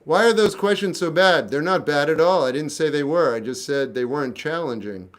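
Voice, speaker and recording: A man in his fifties reading live chat questions aloud and answering them with blunt, deadpan one-word replies. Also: on the high side, brisk. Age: 50s. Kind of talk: casual live-stream chat.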